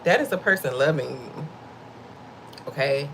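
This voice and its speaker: A woman's voice: very deep voice, animated, unhurried, fairly bright tone, slight background noise, low-quality recording. A middle-aged woman hosting a livestream, giving a casual faith-based talk to her viewers, conversational and a bit preachy, often laughing and calling them y'all. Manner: laughs often while talking.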